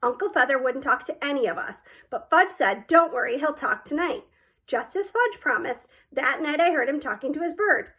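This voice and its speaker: A woman narrating a children's book aloud in lively first person. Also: sits high, normal speed, few pauses. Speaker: audiobook reader. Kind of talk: storybook narration.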